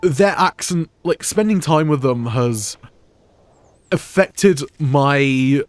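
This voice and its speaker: A man's voice: a little high, lively intonation, slow pace, soft background music. A young British man with an English accent that has Scottish touches, rambling casually as he streams a game. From United Kingdom. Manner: rambling, many fillers and restarts. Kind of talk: casual gameplay chat.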